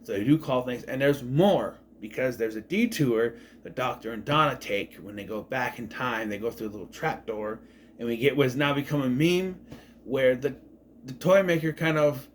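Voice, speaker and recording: A man's voice: medium pitch, moderate pace, a little hiss or hum. A man giving a casual, enthusiastic spoken review of a TV show, rambling and often correcting himself.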